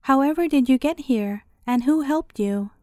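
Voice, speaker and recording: A woman's voice: sits high, normal speed, warm tone, dry recording, studio quality, lightly acted. A woman voicing a shrewd old crone. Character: old crone tending Death's hothouse, greedy.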